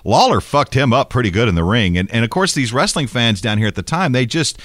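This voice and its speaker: A male broadcast host chatting in a casual interview, talking quickly with repeated restarts. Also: medium pitch, lively intonation, a bit bright, no echo, studio quality. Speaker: radio or podcast host.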